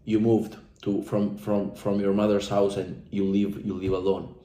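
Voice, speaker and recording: Young man, dark mellow tone, fervent repetitive testimonial, echoey room. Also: fairly low pitch, little pitch movement, a little slow. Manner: intense, profane, repetitive, speaks from the heart. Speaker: coaching client giving a testimonial. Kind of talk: emotional motivational testimonial.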